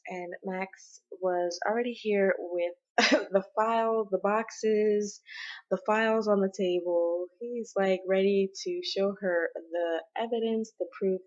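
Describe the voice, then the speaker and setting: A woman's voice: medium pitch, a little mellow, dull audio. Chatty woman narrating a game story. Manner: chatty, rambling with fillers and laughs. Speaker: gameplay storyteller.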